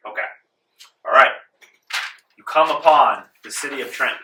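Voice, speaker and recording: A man's voice: mid-range voice, normal speed, background noise. A man narrating as game master of a tabletop game in a casual style, with plenty of "um" and "like", recorded in a library meeting room. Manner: casual, filler-heavy narration. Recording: roomy room, distant mic.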